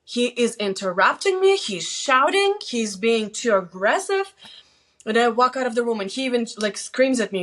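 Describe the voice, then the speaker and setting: The host's mother, a middle-aged woman, joins her daughter's channel for a casual conversation full of stories and earnest, straightforward advice. She sounds animated and fairly bright, her voice a little high at a moderate pace.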